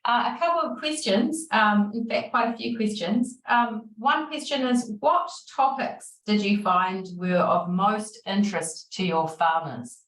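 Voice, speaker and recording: A woman's voice: medium pitch, a little slow, few pauses, a bit bright, roomy sound, distant mic, rough recording. A woman with a New Zealand accent moderating a webinar Q&A, full of encouraging praise as she relays questions. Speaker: session moderator. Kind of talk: online webinar Q&A.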